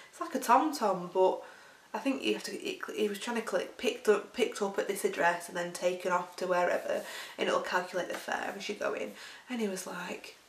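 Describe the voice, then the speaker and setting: A woman's voice: mid-range voice, creaky. Chatty Lancashire woman, roomy and distant. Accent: Lancashire English. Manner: chatty, laughs through her stories. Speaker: weight-loss vlogger. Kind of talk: rambling casual storytelling. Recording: roomy sound, distant from mic.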